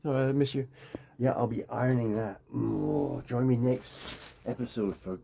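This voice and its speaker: A man's voice: medium pitch, normal speed, vocal fry, muffled recording, a little hiss or hum. A man in a rambling, free-associating comic monologue that jumps playfully between tangents. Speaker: comedian.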